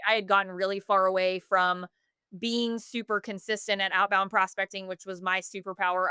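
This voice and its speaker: Bright, clear-voiced woman telling her story. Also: medium pitch, dry recording, studio quality. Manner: earnest, with many fillers and self-corrections. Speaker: podcast guest, business founder. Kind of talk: candid personal storytelling.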